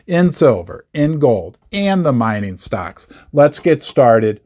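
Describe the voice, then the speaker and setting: A man's voice: medium pitch, very animated, slow pace, darkish tone. A man hosting a commentary video on the metals markets, talking emphatically, repeating words for effect and dropping sarcastic asides. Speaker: investment video host. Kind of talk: scripted commentary to camera.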